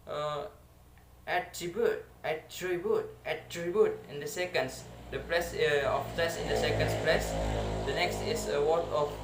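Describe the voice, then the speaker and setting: A man with an Indonesian accent presenting an English lesson on word stress, halting with many fillers and repeating each example word. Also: a little high, a bit bright. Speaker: student presenter. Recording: echoey room with faint ambience.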